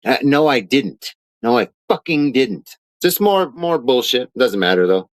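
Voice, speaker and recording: A man's voice: medium pitch, sing-song, unhurried, no echo. A man ranting angrily in a vlog, heated, profane and sarcastic. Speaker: vlogger. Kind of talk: angry rant reading out documents.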